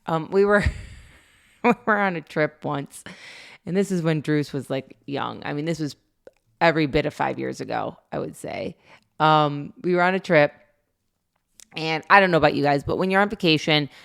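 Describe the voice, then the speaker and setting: A woman with a deep, clear, resonant voice co-hosts a parenting podcast. She tells a family story casually and chattily, laughing often and acting out what people said.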